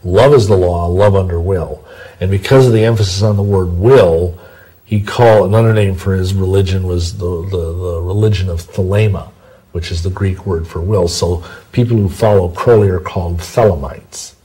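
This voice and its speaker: Low husky guy being interviewed, rambles and goes off on tangents. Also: fairly even intonation, normal speed, dark tone, poor audio. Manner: rambling, digressive explanations. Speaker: interview guest. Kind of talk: long-form interview, storytelling.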